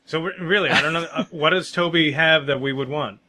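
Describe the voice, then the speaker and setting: A man running a tabletop game who breaks from character to talk casually and offhandedly. His voice is bright and forward, and he sounds a little unsure of what comes next. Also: on the high side, a little fast. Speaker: game master.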